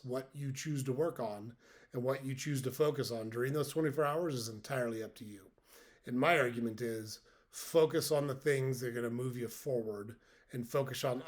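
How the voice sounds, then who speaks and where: A man in his fifties hosts a podcast and speaks straight to his listeners in an earnest, direct manner. He drives his points home by repeating them. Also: mid-range voice. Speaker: podcast host. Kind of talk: motivational monologue.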